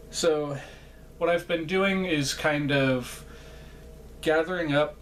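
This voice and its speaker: A man's voice: mid-range voice, slight background noise. Rambling, chatty man vlogging to camera. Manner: rambling, chatty, self-deprecating, many fillers. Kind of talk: casual to-camera vlog.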